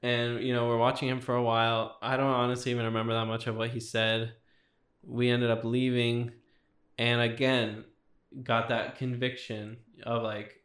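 Twenties guy telling his story on a podcast, flat delivery, says like a lot, roomy echo. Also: mid-range voice, normal speed. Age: 20s. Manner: rambling, heavy use of "like" and "you know". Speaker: podcast guest. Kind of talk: testimony in casual chat.

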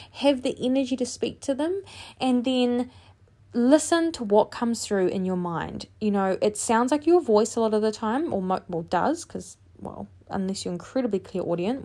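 A woman who works as a medium, chatting casually to her listeners about a reading, with many fillers and lively quoted exchanges. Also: medium pitch. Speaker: medium, podcast host.

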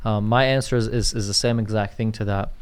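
A man's voice: on the low side, fairly even intonation, fairly quick, clean tone. A man co-hosting a podcast in casual chat, reading out listener questions and checking in with "you get what I'm saying?". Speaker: podcast co-host, commercial real estate agent.

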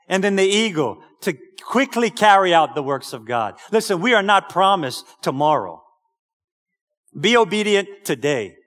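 Male preacher, high voice, exhorting sermon delivery, long echoing church reverb. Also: fairly bright tone. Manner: exhorting, calls out "Amen?" to the congregation.

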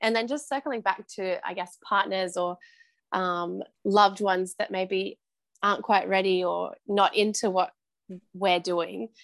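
A woman's voice: medium pitch, steady tone, unhurried, vocal fry, fairly bright tone, no room sound. A woman hosting a casual podcast chat, encouraging and thinking aloud with lots of fillers. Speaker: podcast host.

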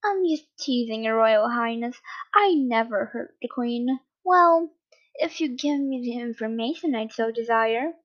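A woman reading aloud, voicing a smug, sly male villain henchman who taunts his captives in a slow, mocking way. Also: a little high, expressive, lo-fi sound. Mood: taunting.

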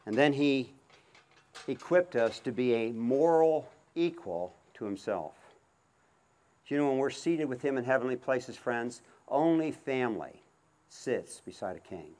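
A man's voice: medium pitch, lively intonation, a little slow. Preaching man giving a horse demonstration. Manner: calls out commands to a horse, then speaks softly and reflectively. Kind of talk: outdoor sermon with horse demonstration.

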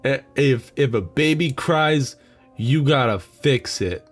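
Slow-talking young man ranting solo. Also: medium pitch, faint music behind. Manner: swears a lot, rambling and sarcastic. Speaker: podcast host. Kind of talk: solo comedic rant.

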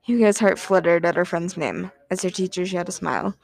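A woman reading a short story aloud in a soft, even voice, dropping into breathy whispers on some phrases and adding the odd filler. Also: fairly low pitch, quick pace. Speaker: narrator.

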